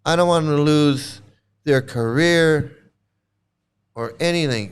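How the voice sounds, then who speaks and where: A man's voice: on the high side, takes it slowly, long pauses, clear, resonant tone. A man in his sixties, a former cult member, giving a candid commentary monologue in a blunt, profane way and repeating phrases for emphasis. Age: 60s.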